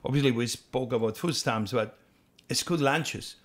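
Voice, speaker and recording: A man's voice: medium pitch, a little slow. A man hosting a podcast interview, asking long questions and often searching for words and restarting phrases. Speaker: podcast host.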